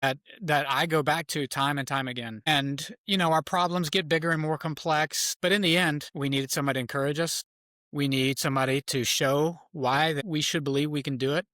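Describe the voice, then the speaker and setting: A man guest tells a lively story and acts out each voice in it. His voice is bright and edged, pitched a bit high, and it sounds close and dry with no room echo. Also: a little fast. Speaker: podcast guest, father of three. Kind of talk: animated storytelling in conversation.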